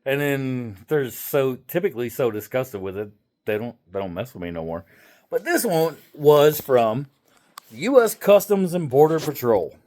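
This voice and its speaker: A man's voice: mid-range voice, normal speed. Chatty irreverent man. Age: middle-aged. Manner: chatty, irreverent, swears casually, animated when quoting others. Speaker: vlogger. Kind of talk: casual storytelling to camera.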